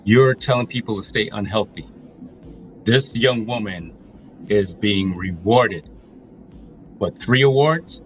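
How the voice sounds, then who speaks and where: A man's voice: fairly low pitch, slow pace, long pauses, dull audio, slight background noise. A middle-aged man co-hosting a reaction talk, emphatic and blunt, laying out his points one by one. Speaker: co-host. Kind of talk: opinionated reaction commentary.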